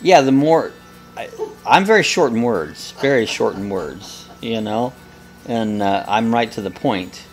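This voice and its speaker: A man's voice: on the low side, expressive, a little slow, faint music behind. A man hosting a live coffee chat, blunt and jokey, laughing often as he reads viewer comments. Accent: American.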